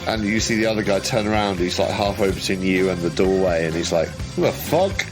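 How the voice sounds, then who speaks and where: Deep-voiced male game master, casual and halting, over faint music. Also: little pitch movement. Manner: casual, hesitant, many restarts and fillers. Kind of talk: narrating a tabletop horror game.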